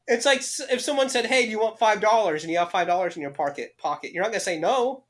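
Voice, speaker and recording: A man's voice: sits high, lively intonation, quick pace. Sarcastic young man swearing through podcast banter. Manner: sarcastic, joking, swears freely. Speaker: podcast co-host. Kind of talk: casual banter.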